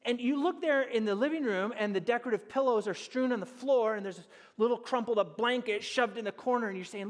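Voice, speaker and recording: A man preaching a sermon as pastor, animated and storytelling, acting out little scenes and dropping to a hush on key points. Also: extremely high pitch, a little fast, few pauses. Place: church sanctuary. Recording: church hall reverb.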